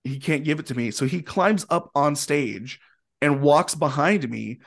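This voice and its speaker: A man telling a long story in a casual, animated way, with plenty of fillers and acted-out quotes. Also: a little high, measured pace, vocal fry. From Indianapolis area, USA. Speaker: guest musician.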